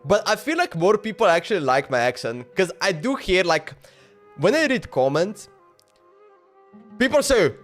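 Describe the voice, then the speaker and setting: A talkative male streamer on a live stream, chatting loosely with his viewers in broken English. His voice is high for a man, and he laughs often. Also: big pitch swings, moderate pace, faint music behind. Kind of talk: casual live-stream chat.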